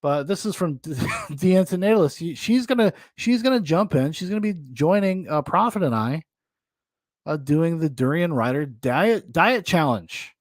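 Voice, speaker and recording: A man hosts a podcast in loose, rambling chat and laughs often. His voice sits a bit high. The sound is close and dry. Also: animated, normal speed, dry recording. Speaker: podcast host. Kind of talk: casual chat.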